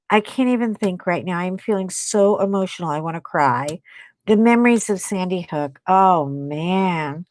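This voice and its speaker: A woman's voice: medium pitch, dry recording. A woman hosting a live stream, chatting casually with viewers while she crafts. She rambles, laughs often and trails off mid-sentence. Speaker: livestream host.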